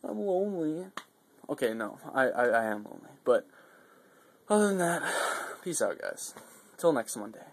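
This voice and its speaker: A man's voice: mid-range voice, moderate pace, long pauses. Guy ranting on his vlog, swears a ton, gets all worked up then trails off with ums. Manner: profane, excitable, rambling with fillers. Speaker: vlogger reviewing a wrestling show. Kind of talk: casual rambling recap.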